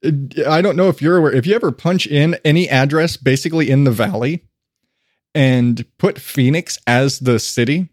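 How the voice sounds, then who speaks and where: A man's voice: a little high, moderate pace, dry recording. Wry man with a dry, close voice. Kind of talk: casual chat.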